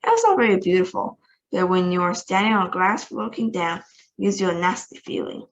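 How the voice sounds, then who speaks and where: A woman reading a children's book aloud in an expressive, lively way. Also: fairly low pitch, fairly quick, highs cut off, a little hiss or hum. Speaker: storyteller.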